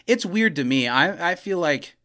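A young man co-hosting a podcast, recapping a TV episode in animated casual chat. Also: on the high side. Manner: animated, quick recaps with acted quotes. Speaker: podcast co-host.

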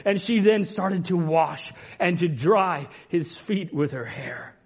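A high-pitched male preacher delivers an impassioned sermon, sinking to hushed, tender passages and climbing to ringing cries. The recording sounds dull and lo-fi, muffled at the top end. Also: expressive, slow, hardly any pauses, breathy edge. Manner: impassioned, swings between hushed and rising cries. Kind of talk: emotional sermon retelling a story.

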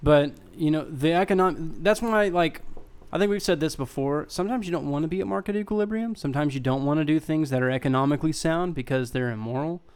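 A man co-hosting a podcast, talking in a rambling, halting way with a sarcastic edge. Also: a little high, clean tone. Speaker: podcast co-host. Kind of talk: casual chat.

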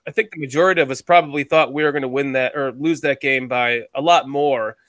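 A man's voice: medium pitch, fast, a bit bright, no echo. A man from the United States hosting a casual sports podcast, chatty and rambling, with a self-deprecating streak. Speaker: podcast host.

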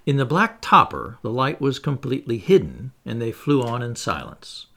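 A man narrating a classic children's storybook aloud in an expressive, animated reading. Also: mid-range voice, normal speed, gravelly. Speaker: audiobook narrator.

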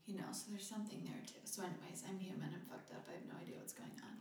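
A woman's voice: mid-range voice, racing, darkish tone. A young woman guesting on a podcast, talking candidly and emotionally with casual swearing. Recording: very echoey room, voice a bit far from mic.

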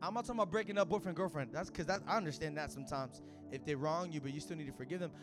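A man preaching a sermon at a church service in casual, slang-filled talk that rises to shouts. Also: fairly high pitch, racing, over music. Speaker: pastor.

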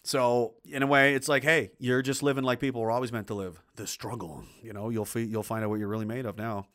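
A middle-aged man hosting a casual livestream, reading out viewer comments and ranting in a blunt, profane way. His voice is bright and forceful. He rambles, stumbles over restarts, and breaks into heated outbursts. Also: mid-range voice, fairly even intonation, a little fast.

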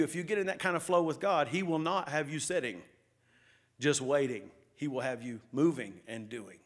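A middle-aged man preaching from the pulpit, his voice sitting a bit higher than most men's. He talks to the congregation like a friend, then climbs into fervent calls for them to answer him. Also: fairly bright tone. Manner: conversational preaching, rising to exhortation. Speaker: lead pastor. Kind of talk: sermon. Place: church sanctuary.

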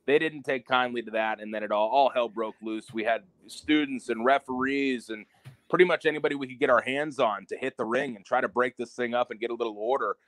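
Male co-host, mid-pitched and conversational, relaxed and reflective, dry studio sound. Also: brisk, no echo. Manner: conversational, reflective, some fillers. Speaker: podcast co-host, wrestling promoter. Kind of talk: casual wrestling podcast chat.

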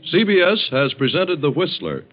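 A man's voice: a little high, sing-song, normal speed, lo-fi sound, loud music behind the voice. A man reading formal radio announcements.

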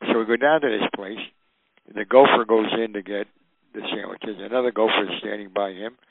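An older man telling stories in an animated way, acting out the voices of the people in them. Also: on the low side, brisk, gravelly, noisy background. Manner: animated, acts out quoted voices. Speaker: guest storyteller. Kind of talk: recounting anecdotes. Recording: tinny phone-like radio line.

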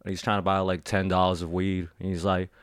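Deep-voiced man, dry close sound. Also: flat delivery, quick pace, smooth, no echo. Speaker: podcast guest. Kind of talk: casual chat.

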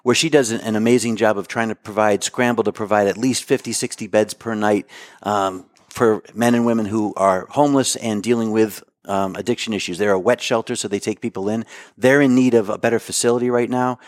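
A man's voice: fairly low pitch, steady tone, a little fast, dry recording. Middle aged guy running for office, pushy answers, lots of restarts, dry close sound. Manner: insistent, talks over the host, many restarts. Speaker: political candidate. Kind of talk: interview answers.

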